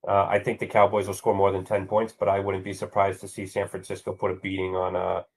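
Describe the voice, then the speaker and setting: A man co-hosting a casual sports talk show, halting through fillers as he reads team stats. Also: low voice, monotone, vocal fry, husky, rough recording. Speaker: show co-host.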